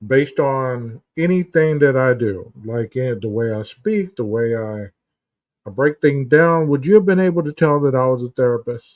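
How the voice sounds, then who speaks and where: A man's voice: mid-range voice, expressive, moderate pace, a little mellow, dry recording, recorded from a distance. A man hosting a casual live stream as a therapist, telling stories and answering chat in a rambling way full of restarts and fillers. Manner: rambling, many restarts and "you know" fillers, storytelling. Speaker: host, therapist. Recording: dull, muffled sound from a mic set back.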